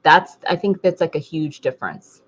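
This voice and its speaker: Low-voiced woman chatting about books. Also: moderate pace, slightly rough, lo-fi sound. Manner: animated, mimics voices with laughter. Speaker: podcast co-host. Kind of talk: casual book club discussion.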